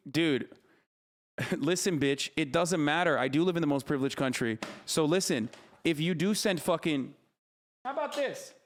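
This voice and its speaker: A man in his thirties ranting profanely and mockingly as a livestream streamer reacting to content. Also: fairly high pitch.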